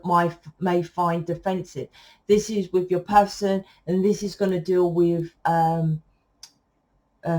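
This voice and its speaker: Loud rambling woman tarot reader. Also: on the low side. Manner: loud, rambling, self-correcting. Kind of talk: casual spiritual monologue to viewers.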